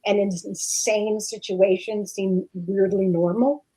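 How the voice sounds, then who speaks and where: A woman's voice: medium pitch, fairly even intonation, a little slow, mellow, low-quality recording. A woman actress chatting as a guest in an interview, rambling with many fillers and restarts. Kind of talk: casual interview chat.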